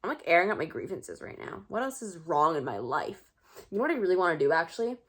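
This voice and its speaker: A woman's voice: fairly low pitch, sing-song, fast talker, slightly rough. A teenage girl vlogging in a casual, rambling, self-mocking monologue full of filler words. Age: teens.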